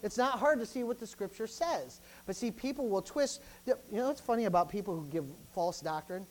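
The audio is poor as a man, talking a little fast, preaches a sermon in his role as pastor. He repeats himself emphatically and keeps calling out interjections between points, lively throughout as he moves between loud bursts and low asides.

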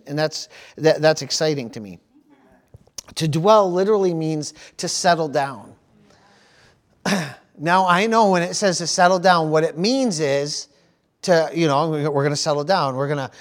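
A middle-aged man preaching a sermon, repeating phrases and dropping in praise interjections as he goes. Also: on the high side. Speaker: pastor.

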